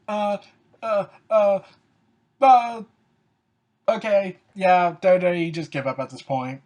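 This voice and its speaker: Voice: mid-range voice, expressive, measured pace, a little mellow. A wrestling commentator giving casual opinion commentary, sarcastic and exasperated, with lots of "so, yeah" and "like" fillers.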